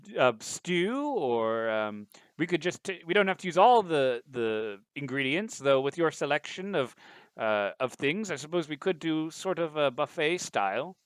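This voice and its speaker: A man's voice: on the high side, very animated, unhurried, clean tone, no room sound, voice pushed up. Man doing a polite butler kitchen computer. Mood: courteous. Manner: courteous, formal, says sir.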